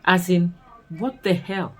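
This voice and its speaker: A woman with a Nigerian accent recapping a series in casual commentary, expressive and full of scolding rhetorical questions. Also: on the low side, slow pace, slightly rough, rough recording. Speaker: series reviewer.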